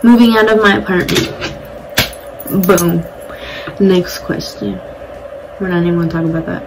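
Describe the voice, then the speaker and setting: A woman's voice: fairly low pitch, moderate pace, background noise. A young woman chatting casually and bluntly while doing her makeup at home, swearing now and then. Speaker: beauty vlogger. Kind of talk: casual get-ready-with-me chat. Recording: music playing behind the voice. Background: music.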